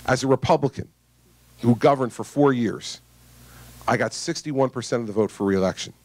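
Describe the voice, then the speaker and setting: A man's voice: medium pitch, normal speed, a little mellow. A man, a politician, giving a campaign stump speech to voters in a conversational, emphatic storytelling manner.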